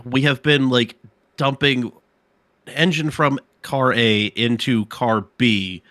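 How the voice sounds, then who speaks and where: A man co-hosting a podcast, chatting in a mid-range voice and telling animated stories peppered with swearing. His voice is close and dry, with no room echo. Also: medium pitch, takes it slowly. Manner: animated storyteller, swears for emphasis. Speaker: podcast co-host. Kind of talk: casual chat on a live stream.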